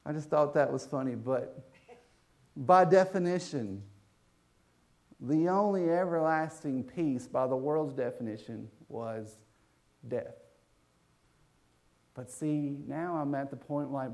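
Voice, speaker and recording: A man preaching a sermon, joking with the congregation in an animated way. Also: fairly high pitch, takes it slowly, pauses often.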